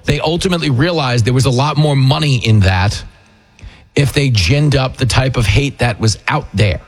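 A man's voice: mid-range voice, moderate pace. A man hosting a political talk radio show, delivering an opinionated monologue in a combative, sarcastic way. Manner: combative, sarcastic, mocking impressions.

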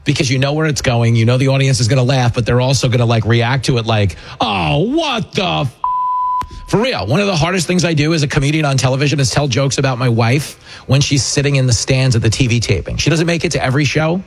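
A man hosting a talk show, ranting with sarcastic, animated, mocking political commentary. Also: mid-range voice, quick pace. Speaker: radio host and comedian.

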